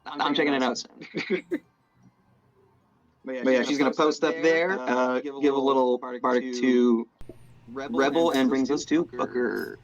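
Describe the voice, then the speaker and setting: A man running a tabletop game as game master, with easygoing, quick banter. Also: mid-range voice, fairly even intonation, highs cut off, music in the background.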